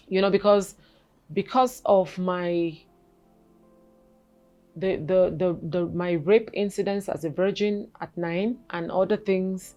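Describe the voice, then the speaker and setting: Halting woman telling a painful personal story. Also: fairly low pitch, soft background music. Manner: halting, repeats words, then animated when quoting people. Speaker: guest. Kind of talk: emotional personal storytelling interview.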